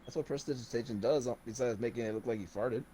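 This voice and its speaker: A man's voice: mid-range voice, racing, mellow, slight background noise. A man playing a tabletop game in a joking, mock-sinister manner. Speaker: player. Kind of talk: casual tabletop play.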